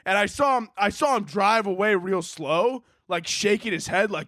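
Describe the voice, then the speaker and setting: A man with a high voice that swings wildly up and down tells a story on his solo podcast. He is loose and profane, laughs a lot, and plays out every side of the story himself. The sound is dry and close, with almost no room around it. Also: a little slow, dry recording. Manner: animated, profane, laughs often, acts out both sides of a story. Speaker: podcast host.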